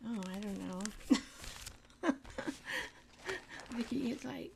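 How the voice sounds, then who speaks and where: A middle-aged woman hosts a home art show, talking slowly with a gravelly rasp. She rambles to herself as she works and gently pokes fun at her own skills. Background noise runs under the voice. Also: fairly high pitch. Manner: rambling, self-deprecating, talks to herself while working. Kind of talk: casual craft demonstration chat.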